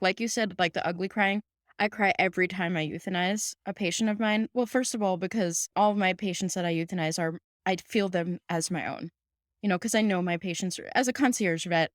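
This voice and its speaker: A woman's voice: on the low side, no echo. Chatty woman vet hosting a podcast, dry sound. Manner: warm, emphatic, laughs often, many "like"s. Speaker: podcast host, house call vet. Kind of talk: casual podcast conversation.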